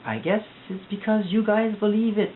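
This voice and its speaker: A distressed young man from Quebec, rambling anxiously in a confessional video diary, halting and repeating himself. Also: sits high. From Quebec, Canada. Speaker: vlogger. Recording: tinny lo-fi audio with hiss.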